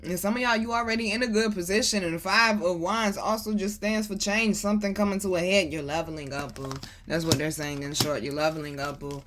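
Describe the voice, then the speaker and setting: A woman giving a casual tarot reading to her viewers, animated and preachy, calling them baby and boo and swearing freely. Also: on the low side, a little fast, hardly any pauses, slight background noise. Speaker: tarot reader.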